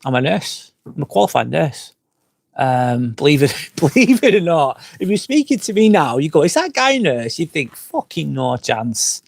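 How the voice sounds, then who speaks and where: A man's voice: mid-range voice, creaky, breathy edge, no room sound. A man from England, a little tipsy, chatting casually on a live stream, reading out viewer comments and going off on profane, rambling rants. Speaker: vlogger hosting a live stream. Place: outdoors by a fire pit at a glamping site.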